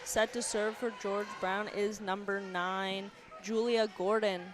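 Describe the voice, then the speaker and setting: A woman's voice: medium pitch, flat delivery, a little slow. A woman calling a volleyball game play by play, naming each server and point as it happens. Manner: plain, calls serves and points by player number and name. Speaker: play-by-play commentator. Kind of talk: live volleyball commentary. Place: indoor gym. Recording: commentary over loud gym crowd and noise.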